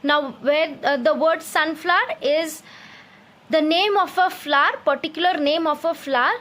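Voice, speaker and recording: A woman with an Indian English accent teaches young children, her voice set high. She speaks patiently, spells each word letter by letter and checks that the class is following with questions. She has the steady manner of a classroom teacher. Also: normal speed.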